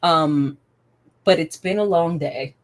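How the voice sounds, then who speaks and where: A woman's voice: low-pitched, slow. A young adult woman narrating her character's actions in a tabletop game, rambling and laughing with lots of fillers. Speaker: player.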